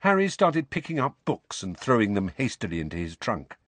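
Casting: male audiobook narrator, low husky voice, lively delivery. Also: a little fast, no echo. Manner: expressive storytelling. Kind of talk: scripted narration.

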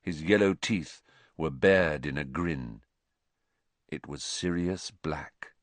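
A man reading a story aloud with dramatic, expressive narration. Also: a bass voice, slow, no echo. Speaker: audiobook narrator. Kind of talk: scripted narration.

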